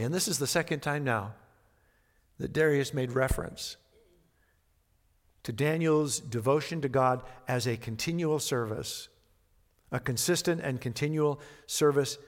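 A man preaching with a slightly high voice, reading scripture with dramatic emphasis before dropping into an easy, conversational aside. His sermon rings out through a large church hall with a long reverb tail. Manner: conversational, reads scripture dramatically then comments. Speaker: pastor. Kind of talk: expository sermon.

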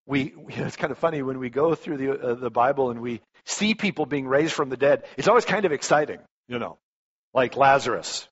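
A male pastor preaches a sermon conversationally, his medium-pitched voice brisk with a breathy edge. He tells stories in an animated way and restarts often, captured on a dull lo-fi recording.

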